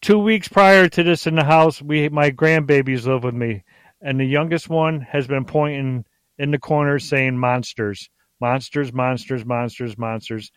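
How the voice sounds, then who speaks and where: A middle-aged man telling stories as a podcast guest in a rambling, excitable way, often restarting his sentences. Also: on the high side, moderate pace, smooth, no echo. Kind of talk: casual storytelling on a podcast.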